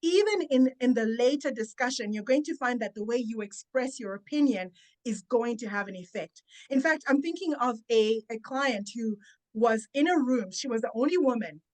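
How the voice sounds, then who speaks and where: Female speaking coach, podcast guest; slightly high pitch, deliberate, emphatic delivery. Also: lively intonation. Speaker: confidence and public speaking coach. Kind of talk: guest giving advice in a podcast interview.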